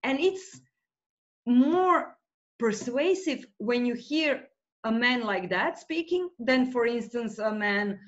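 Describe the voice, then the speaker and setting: Woman, academic guest, slow deliberate speech, hesitant, dull lo-fi recording. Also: fairly high pitch, expressive. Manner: thoughtful, with frequent hesitations. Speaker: guest researcher in rhetoric. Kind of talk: academic interview.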